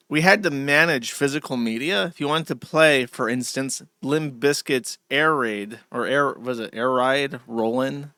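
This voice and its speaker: A man in his thirties hosts his own show, rambling through a casual, profane monologue aimed at his chat. His voice is sharp and forceful, set at an ordinary middle pitch. The sound is dry and close, with little room around it. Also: smooth, dry recording. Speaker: host.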